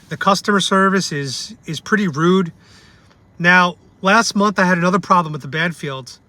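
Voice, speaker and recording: A young man with a high, bright voice rants bluntly in a review vlog. He swears freely and repeats his points for emphasis. His tone stays blunt and angry throughout. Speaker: vlogger.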